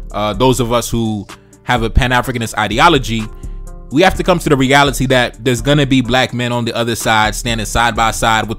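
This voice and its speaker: A man reading a news article aloud and reacting to it with animated, profane commentary. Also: lowish voice. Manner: animated, profane, acts out quoted voices. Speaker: political commentator.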